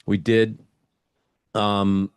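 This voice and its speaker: A man's voice: on the low side, completely flat delivery, very slow, clear, resonant tone, no room sound. A middle-aged man, a guest in an interview, telling a casual story and acting out his own thoughts as he goes.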